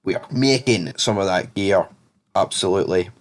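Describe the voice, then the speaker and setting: Man, lowish voice, casual show recap, rambling and blunt. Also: moderate pace. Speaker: TV show reviewer.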